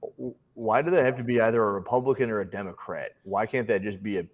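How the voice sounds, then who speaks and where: Man, podcast co-host, casual storytelling, animated, acts out voices, lowish voice. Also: fast talker.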